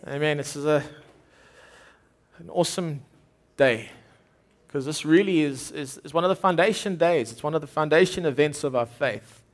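Male preacher, fairly high voice, earnest sermon delivery with frequent word repeats. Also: normal speed. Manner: earnest, often repeats and restarts words.

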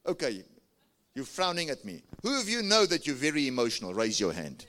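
A South African pastor preaches briskly, his slightly bright voice rising and falling in big pitch swings. He presses his church to answer back and raise their hands.

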